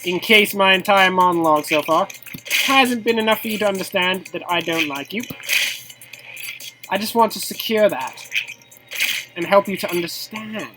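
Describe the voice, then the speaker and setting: A woman commentating on a game in a mock-formal, theatrical scolding tone that keeps jumping into high, excited squeals. Her voice sits at an ordinary middle pitch. Game music plays clearly behind her. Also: normal speed, pauses often, poor audio. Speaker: gameplay commentator.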